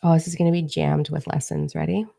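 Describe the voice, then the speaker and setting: Low, gravelly woman, brash and profane, livestreaming by phone as a psychic coach. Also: little pitch movement, fast, dark tone. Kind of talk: livestream talk to viewers.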